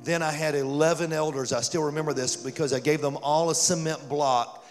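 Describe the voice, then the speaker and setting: Pastor erzählt lebhaft in hallender Kirche. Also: male voice, a little high, fairly quick. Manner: animated storytelling, rising to loud fervor. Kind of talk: sermon storytelling. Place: church sanctuary. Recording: church hall reverb with music.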